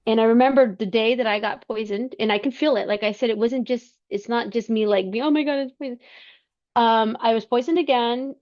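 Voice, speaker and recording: A woman telling her personal story as a podcast guest, halting, with many fillers and restarts. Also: on the high side, fairly even intonation, a little mellow, dull audio.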